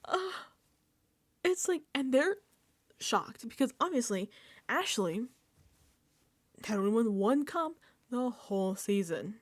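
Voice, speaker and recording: Animated woman with a raised voice. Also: on the high side, unhurried, pauses often, no echo. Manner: animated, emphatic, drops into whispered asides, swears casually. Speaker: reality TV recap host. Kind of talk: casual reaction recap.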